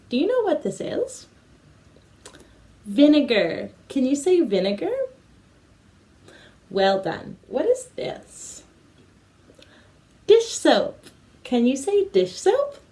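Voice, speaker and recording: Slow, lively woman teacher. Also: on the high side, poor audio. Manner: slow, with repeat-after-me prompts. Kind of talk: children's English lesson. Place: home apartment.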